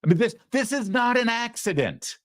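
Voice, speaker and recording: A man's voice: very high-pitched, expressive, moderate pace, noisy background. A man hosting a political talk show, sarcastic and mocking as he comments. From United States. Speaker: host.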